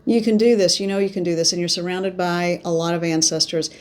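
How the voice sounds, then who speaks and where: A woman's voice: fairly low pitch, steady tone, a little fast, a little mellow. A woman psychic reader talking viewers through a card reading, musing aloud as she lays out cards. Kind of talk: spoken tarot reading to viewers.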